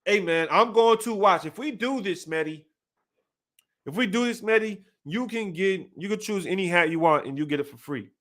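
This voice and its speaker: A man's voice: sits high, normal speed. A man hosting a live sports stream, talking casually in slang and calling out viewers by name. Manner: animated, repetitive, slangy, talks to chat by name. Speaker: sports channel host.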